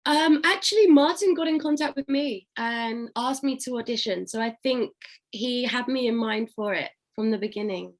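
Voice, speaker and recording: A woman's voice: fairly high pitch, normal speed. A young adult woman from England, an actress, chatting casually as an interview guest and laughing often.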